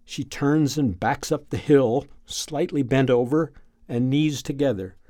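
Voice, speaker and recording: Male narrator, unhurried and reflective, close dry voice, mid pitch; reads a personal story. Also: no room sound. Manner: calm, measured, reflective. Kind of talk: first-person story reading.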